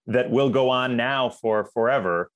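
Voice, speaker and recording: Male interview host, encouraging, quick yeahs and gentle questions. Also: medium pitch. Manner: encouraging, frequent short affirmations. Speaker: podcast host. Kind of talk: casual interview chat.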